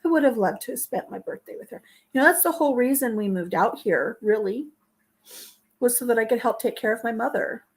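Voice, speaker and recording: A middle-aged woman hosts a casual home kitchen vlog, chatting while baking, but she cries as she shares memories. Her fairly high voice is animated, a little fast, and breathy as she speaks through her tears.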